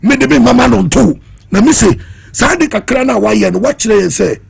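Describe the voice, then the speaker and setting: A Ghanaian man with a high, very raspy and gravelly voice, making an impassioned, challenging point in heated political commentary. His pitch swings widely as he switches between Twi and English. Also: animated, brisk.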